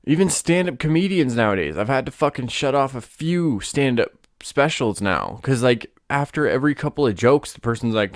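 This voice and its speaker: A man hosting a solo podcast, ranting in a casual, profane and animated way. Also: fairly high pitch, normal speed, hardly any pauses, dry recording, studio quality. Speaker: podcast host.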